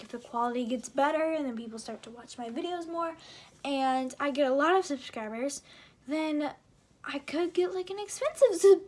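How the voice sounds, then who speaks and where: A woman's voice: high voice, darkish tone. A young American woman from Indiana answering questions in a casual vlog, chatty and giggly with many fillers. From Indiana, USA. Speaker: vlogger.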